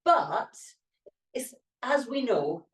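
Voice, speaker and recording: A woman's voice: a little high, big pitch swings, drawn-out words. A middle-aged woman co-hosting a podcast, chatting casually and often hesitating to find her words. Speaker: podcast co-host. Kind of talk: casual chat. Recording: roomy echo, distant from the mic.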